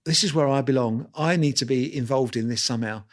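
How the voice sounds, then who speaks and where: Guy in his 60s spinning stories, talks super fast, laughs at himself, does all the voices. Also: mid-range voice. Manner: lively anecdotal storyteller, acts out dialogue; self-deprecating, laughs while talking. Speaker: guest photographer. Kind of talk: storytelling interview.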